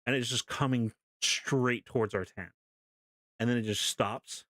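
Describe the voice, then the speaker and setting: A young male streamer tells a story to his chat in a casual, animated way, laughing often and swearing freely. His voice sits at an ordinary male pitch. It is recorded close and dry on a desk mic. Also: unhurried, no room sound.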